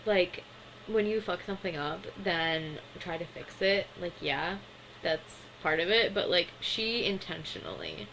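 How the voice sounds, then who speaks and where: A woman's voice: fairly low pitch, unhurried, fairly bright tone, slight background noise, low-quality recording. A young adult woman giving a casual, chatty recap of a cartoon episode, full of fillers and small laughs.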